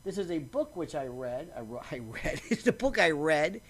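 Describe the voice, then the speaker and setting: A man with a bright, forceful voice that leaps up and down as he talks. He rambles and restarts his sentences in a casual monologue to camera, sipping coffee now and then. It was recorded in a bare-bones home setup, and his voice sits a touch higher than most men's. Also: moderate pace, slightly rough. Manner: rambling and animated, frequent restarts; slurps coffee while talking. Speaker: vlogger.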